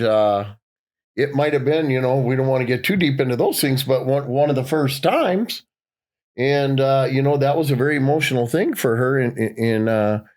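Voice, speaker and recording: A man's voice: medium pitch, darkish tone. A man with a middle-range voice, co-hosting a podcast. He talks in a loose, chatty way and shares his own stories in between. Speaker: podcast co-host. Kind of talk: casual podcast chat.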